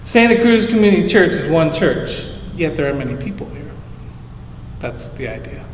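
High-voiced pastor in an echoey hall. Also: male voice, sing-song, moderate pace, slight background noise. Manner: conversational teaching, explains Hebrew terms simply, rises emphatic on scripture. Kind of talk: sermon. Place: church sanctuary.

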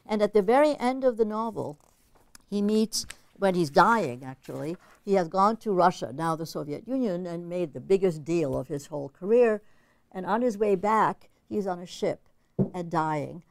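A woman's voice: on the low side, animated, normal speed, creaky, no room sound. A woman giving an academic literature lecture in an analytical, conversational way, thinking aloud as she goes.

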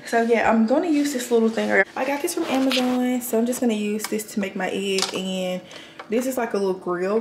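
Chatty and a little high, with a gravelly, fry-tinged edge, a nurse vlogger in her twenties leads a casual tour of her apartment indoors. She calls viewers y'all, and the echoey room has a faint hiss behind her.

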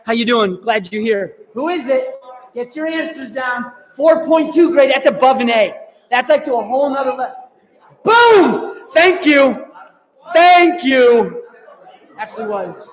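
A man with a very high voice leads a youth group, playful and upbeat as he calls out to the crowd. The sound carries the long reverb of a large hall. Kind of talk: lively talk to a student youth group. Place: large hall with a live audience.

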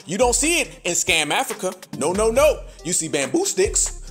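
A man with a notably high voice delivers a fiery, preachy podcast monologue. He fires off rhetorical questions and punctuates them with profane slang. Faint music sits under his voice. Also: very animated, normal speed, fairly bright tone. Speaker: podcast host.

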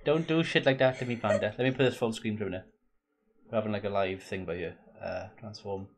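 A man's voice: fairly low pitch, fast, background noise. Jokey man streaming games. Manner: jokey, swears freely, chatty asides to viewers. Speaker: gaming streamer. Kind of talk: casual live stream chat.

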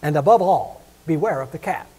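A man's voice: a little high, lively intonation, brisk, a little mellow, slightly rough. A man voicing a fussy, proud mother duck who scolds and frets in a raised voice. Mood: fussing.

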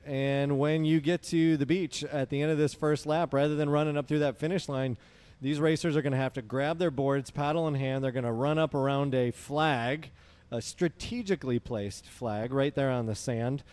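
Smooth-voiced male sports commentator. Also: a little high, normal speed. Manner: relaxed, explains the race plainly, dry humor. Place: tent booth at a beach event.

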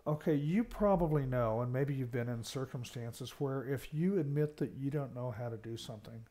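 An American university lecturer gives a recorded management lecture in a mid-range, dark-toned voice at normal speed. He explains his points, stresses key words, and often checks in with "okay".

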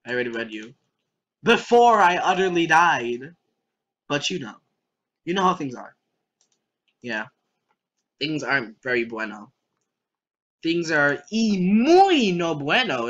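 Talking back at the on-screen game, a young adult gamer jokes and rambles through let's play commentary. Their medium-pitched, fairly bright voice comes through a dull, lo-fi recording.

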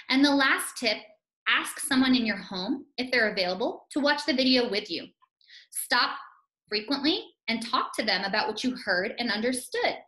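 A woman teacher giving a scripted phonics lesson to young children, speaking slowly and clearly and stretching out sounds. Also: fairly high pitch, sharp tone, echoey room, poor audio.

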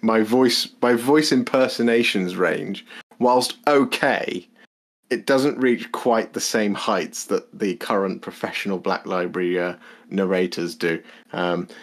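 Chatty man, lowish voice. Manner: chatty, rambling with self-corrections. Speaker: podcast co-host. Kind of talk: casual chat.

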